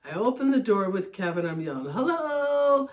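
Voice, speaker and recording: A middle-aged woman hosting a podcast, telling stories in casual chat, animated and laughing often, her voice jumping high when excited. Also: brisk. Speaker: podcast host.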